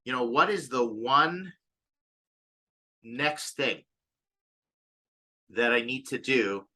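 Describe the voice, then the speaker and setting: A man's voice: medium pitch, lively intonation, takes it slowly, pushed and bright. A man who advises startup founders, explaining a decision technique in a coaching way and acting out the questions he asks himself. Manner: coaching, stops to reflect, acts out inner questions. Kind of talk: explaining to camera.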